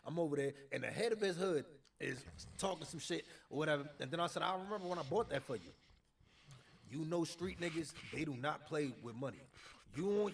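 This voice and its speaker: A male streamer telling a story in casual chat, loud and laughing, often breaking into shouts. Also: fairly high pitch, creaky.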